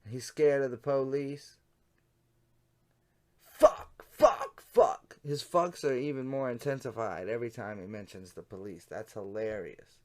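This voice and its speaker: A man's voice: mid-range voice, fairly even intonation, moderate pace, hardly any pauses. A man giving casual commentary on chat logs in a blunt, sardonic way, swearing freely. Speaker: online commentator.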